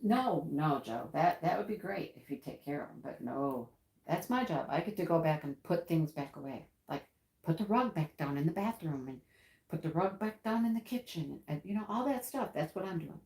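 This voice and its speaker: A woman's voice: sits low, animated, moderate pace, darkish tone. A woman hosting a live stream and chatting casually with viewers, telling a story, laughing often and acting out what people said. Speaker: livestream host. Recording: roomy echoey room.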